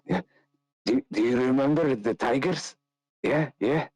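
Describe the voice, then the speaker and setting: A man's voice: mid-range voice, a little slow, a little mellow, husky, no room sound, pitched above the performer's own voice, low-quality recording. A man voicing a drunk, boastful male tavern brawler who slurs and leers. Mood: conspiratorial. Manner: slurring, boastful, leering.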